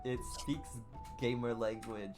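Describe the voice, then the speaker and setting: A man narrating as dungeon master of a tabletop game over an online call, halting and full of fillers. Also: medium pitch, fairly even intonation, a little mellow. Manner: halting, with frequent fillers and laughs. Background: background music.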